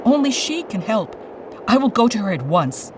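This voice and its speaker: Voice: mid-range voice, very animated, normal speed, noisy background, pitched above the performer's own voice, close to an everyday voice. A storyteller voicing a dutiful mountain spirit. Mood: earnest. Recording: distant voice over loud music.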